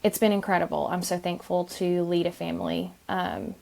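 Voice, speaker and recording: Podcast guest, woman, thirties, low gravelly voice, soft and halting delivery. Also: steady tone. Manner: soft-spoken, many ums and restarts. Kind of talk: conversational interview.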